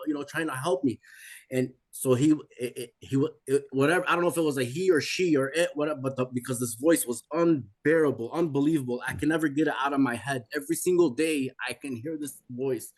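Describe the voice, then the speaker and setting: A man's voice: a little high, a little mellow. Intense man in his forties. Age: 40s. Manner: intense, repetitive, rising to pleading. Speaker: guest telling his testimony. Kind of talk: emotional personal testimony.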